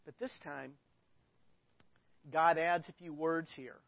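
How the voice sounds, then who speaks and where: A man's voice: on the high side, fairly even intonation, slow pace, vocal fry, no echo, dull audio. A man preaching a sermon as a pastor, talking casually and reading scripture aloud with rising emphasis. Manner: conversational, reads scripture with emphasis.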